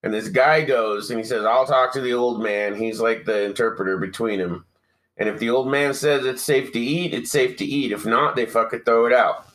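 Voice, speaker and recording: A man's voice: medium pitch, moderate pace, fairly bright tone, low-quality recording. A man co-hosting a podcast in casual chat, swearing freely and joking as he retells a story. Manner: profane, joking, mocks old-timey speech. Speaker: podcast co-host.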